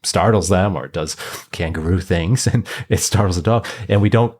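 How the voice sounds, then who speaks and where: A male podcast host with a very low voice talks in a relaxed, conversational way. He affirms his guests often and thinks out loud with playful asides. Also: normal speed, husky. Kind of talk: casual chat.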